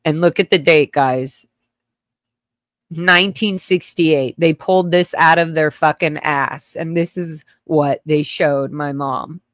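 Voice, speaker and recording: A woman with a fairly low voice recounts her childhood to a livestream audience. She talks haltingly, full of restarts and fillers, and can turn blunt and profane. The sound is dry and close, with no room around it. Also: steady tone, dry recording. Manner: blunt, swears. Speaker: livestream host telling her own story. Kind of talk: casual personal storytelling.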